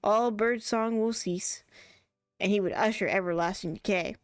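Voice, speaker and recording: A woman's voice: medium pitch, normal speed, no room sound, clean studio sound, faint music behind, lightly acted. A woman streamer voicing an earnest ancient female guardian, reading game dialogue aloud dramatically in her own voice. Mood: grave.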